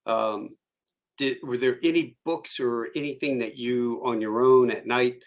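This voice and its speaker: A man's voice: medium pitch, fairly even intonation, measured pace. Easygoing male podcast host asking questions. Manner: easygoing, laughs along, chatty asides. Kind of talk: casual interview questions.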